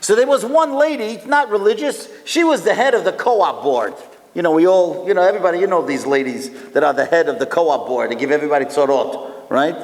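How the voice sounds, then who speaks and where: A male rabbi with a fairly high voice telling a story to a room of listeners. He keeps the crowd engaged with rhetorical questions and drops Hebrew and Yiddish words into his speech. His voice carries a long hall reverb. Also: expressive, brisk. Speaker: rabbi and lecturer.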